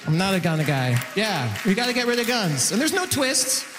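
Animated stand-up comedian man, high voice. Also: moderate pace, music in the background. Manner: animated, swinging into high excited yelps for acted-out bits. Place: comedy club stage. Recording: live show in a reverberant venue.

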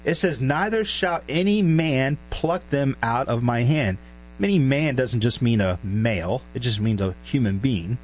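A man's voice: medium pitch, unhurried, a little hiss or hum, low-quality recording. A man preaching an expository Bible lesson, emphatic and throwing rhetorical questions at the listeners.

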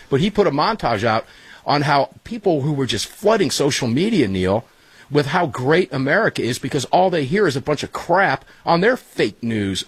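A middle-aged man hosting a talk radio show from his studio, energetic and chummy, calling listeners guys and brother. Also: mid-range voice, slightly rough, no echo. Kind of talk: casual talk radio banter.

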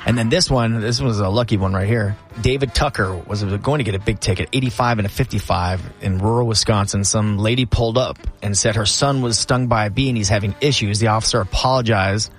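A man co-hosting a radio show, reading listener stories and cracking quick jokes. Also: on the low side, faint music behind. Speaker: radio co-host.

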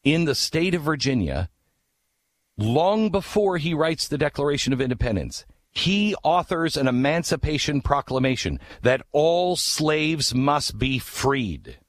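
A man telling a history story with passion, asking rhetorical questions and dropping low for asides before pushing his voice up for key points. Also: sing-song, measured pace, no echo, clean studio sound. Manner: emphatic, rhetorical questions, swings between low hushed asides and raised urgent lines. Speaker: speaker on history. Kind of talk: impassioned storytelling talk.

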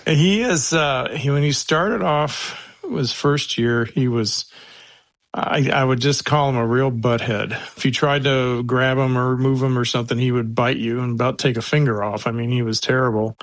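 A man speaks in a dry, close voice that sits at a middle pitch. He is a search and rescue handler telling stories in an interview. His telling is folksy and rambling, with jokes and restarts, and he talks the way he would to a friend. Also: steady tone, normal speed, dry recording. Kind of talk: casual interview storytelling.

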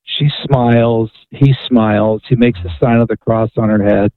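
A man's voice: lowish voice, fairly even intonation, moderate pace, no echo. Guy on a call-in phone line, author guest, eager storyteller, dry and tinny. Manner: eager storyteller who often checks in with "right?". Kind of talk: storytelling in a radio interview.

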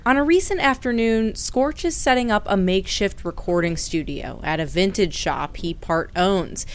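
A female radio reporter with a medium-pitched voice narrates a scripted news feature, her delivery measured and clear.

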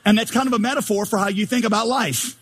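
Pastor, male, high husky voice, animated joking sermon delivery, long reverb. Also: quick pace. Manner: animated, joking, rhetorical questions.

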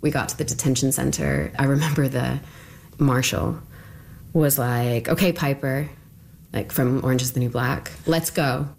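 A woman's voice: a bass voice, steady tone, moderate pace, creaky. A woman being interviewed, telling her story in a casual, conversational way with lots of filler words. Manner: conversational, with frequent "like" fillers and quiet asides.

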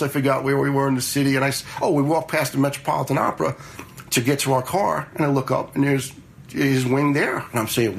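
A man's voice: medium pitch, vocal fry, poor audio. A man in his fifties, a retired fire lieutenant, telling stories in a blunt, conversational way with some swearing. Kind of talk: casual storytelling.

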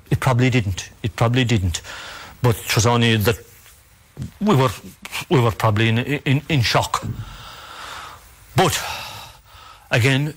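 An Irish man tells a ghost story the old way, in a middle-pitched voice. He lingers on repeated words and lets the pauses hang, building the tension slowly. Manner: measured and dramatic, with repetitions and pauses. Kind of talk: oral folk storytelling.

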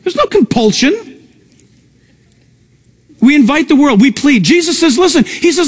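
A male pastor preaching a sermon with emphatic pitch jumps, breaking into conversational asides to the congregation. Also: big pitch swings, measured pace, pauses often.

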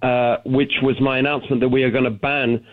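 A man's voice: medium pitch, brisk. British man on a tinny phone line. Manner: animated, restarts sentences often. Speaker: guest candidate calling in. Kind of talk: talk radio interview. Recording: phone-line call-in audio.

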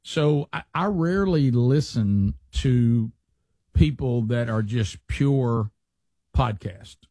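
A man's voice: medium pitch, slow, warm tone, dry recording. A middle-aged man, a radio host chatting casually and mimicking podcast talk. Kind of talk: casual talk show banter.

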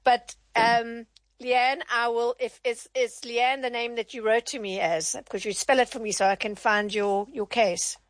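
A woman's voice: a little high, fairly even intonation, unhurried, dry recording. A woman hosting a radio phone-in, questioning a caller with frequent restarts. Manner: apologetic, probing, lots of restarts. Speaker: radio host.

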